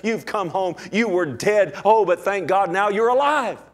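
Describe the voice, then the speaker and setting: A man's voice: sits high, expressive, measured pace, pitched above the performer's own voice. A preacher voicing a tender, joyful father. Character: tender loving father welcoming home his lost son.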